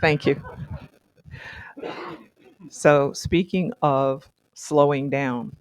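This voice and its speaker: An older retired woman from the congregation sharing a measured, wry reflection. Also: deep voice, no echo.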